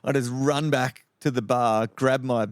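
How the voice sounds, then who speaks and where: A man's voice: medium pitch, fairly even intonation, unhurried, clear, resonant tone, no room sound, clean studio sound. A middle-aged man from Western Australia with an Australian accent, a podcast guest telling rambling anecdotes full of swearing. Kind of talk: casual storytelling.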